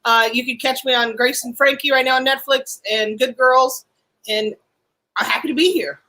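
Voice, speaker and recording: A woman, a comedian guest on a video call, introducing herself with brisk, deadpan quips. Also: sits high. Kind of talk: casual comedic chat.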